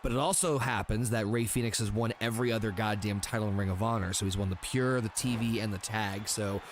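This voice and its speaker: A man playing a wrestling game and chatting casually with friends, profane and excitable. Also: fairly low pitch, a little fast, slight background noise. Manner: profane, excitable, laughs a lot. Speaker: game player and co-host. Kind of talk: casual chat over gameplay.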